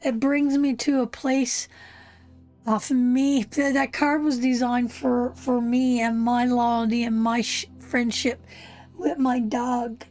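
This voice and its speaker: High-voiced, slow, heartfelt woman. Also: steady tone, a little mellow, soft background music. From Canada. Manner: heartfelt, emotional, talks straight to viewers. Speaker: tarot reader hosting a live stream. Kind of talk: live tarot reading.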